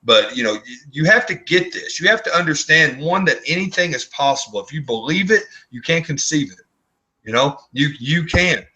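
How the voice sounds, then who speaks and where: A man co-hosting an online video hangout, giving a blunt, earnest motivational sales pitch and often repeating words as he talks. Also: animated, normal speed, pushed and bright, poor audio. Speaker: co-host of online business hangout.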